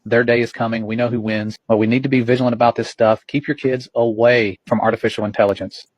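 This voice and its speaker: Fast-talking dad reading a chat and preaching a warning, dry close sound. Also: male voice, medium pitch, little pitch movement, no echo, highs cut off. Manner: earnest, warning. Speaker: parent reading his son's chat aloud. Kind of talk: preachy commentary.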